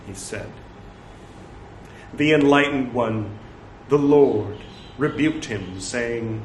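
A man reads scripture aloud in translation, breaking off now and then for wry, joking asides. His medium-pitched voice moves slowly with long pauses, against slight background noise, faint ambience, and a roomy echo.

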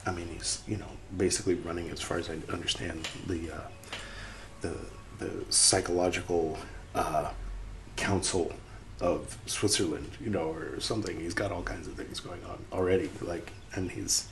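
Male podcast host, low voice, rambling, musing commentary with quiet asides, faint background hum. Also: fairly even intonation, normal speed. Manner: rambling, musing, with frequent restarts and dips into a near-whisper. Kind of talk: casual reading and commentary.

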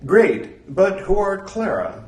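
A woman's voice: mid-range voice, sing-song, takes it slowly, pitched above the performer's own voice. A man reading a story voices a blunt young woman who speaks in old-fashioned thee-and-thou English. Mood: curt, urgent. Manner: archaic thee-and-thou speech, curt. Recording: roomy, distant mic.

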